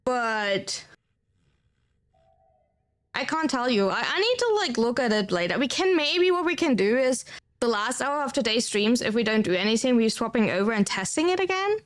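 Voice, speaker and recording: German lady streaming, bit higher voice, rambly, says like a lot, german accent. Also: big pitch swings, normal speed. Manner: rambling, chatty, heavy use of "like", answers chat as she talks. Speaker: livestreamer. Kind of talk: casual stream chat.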